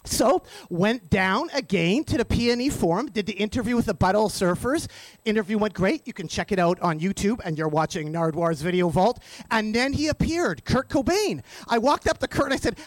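A man hosting a radio show, telling an anecdote in an excited, stammering way and acting out the voices of the people in it. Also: normal speed, no echo. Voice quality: high, lively, animated voice that jumps in pitch. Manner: stammering, breathless, acts out voices in the story. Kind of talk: excited spoken storytelling. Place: radio studio.

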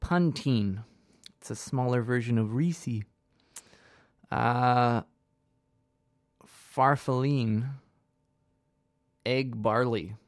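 A man's voice: mid-range voice, drawn-out words, long pauses, no echo. Rambling young man hosting radio, dry sound. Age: 20s. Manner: rambling, self-deprecating, lots of fillers. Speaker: radio host. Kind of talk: casual rambling radio chat.

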